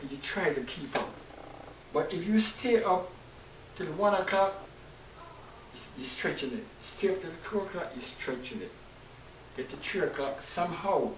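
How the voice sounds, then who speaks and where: A fervent male preacher with a fairly high voice delivers a sermon, dropping to hushed murmurs and then rising to loud cries. He repeats his phrases for emphasis. The sound is roomy, taken from some distance off the mic, with a faint hiss behind. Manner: impassioned, repetitive, swings from hushed to shouting. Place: room, streamed service.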